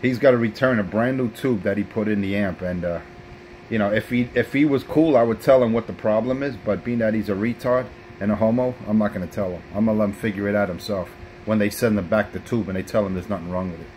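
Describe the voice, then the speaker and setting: A man's voice: lowish voice, fast, darkish tone, slight background noise, low-quality recording. A man, trash-talking rivals as a brash, profane CB radio operator. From South Bronx, New York.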